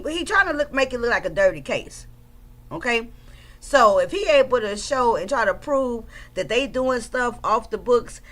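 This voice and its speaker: A woman talking casually on a live stream, breaking down a trial for her viewers. Her voice sits a little high, and she talks in an emphatic, chatty way, calling out to her audience. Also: a bit bright.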